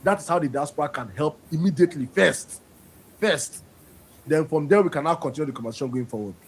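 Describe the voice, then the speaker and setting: A man's voice: fairly high pitch, quick pace, slightly rough, low-quality recording. A man co-hosting, reading out an audience question and giving earnest advice. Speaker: co-host.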